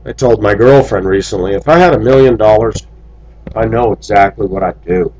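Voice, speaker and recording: A man's voice: lowish voice, brisk, a little mellow, dull audio, slight background noise. A man from the United States giving a blunt, opinionated monologue to his viewers in a preachy tone. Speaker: vlogger.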